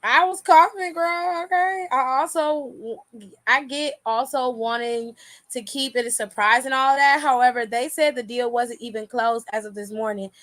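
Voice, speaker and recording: A young woman giving casual, animated commentary on wrestling news, swearing freely and laughing often. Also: high voice, normal speed.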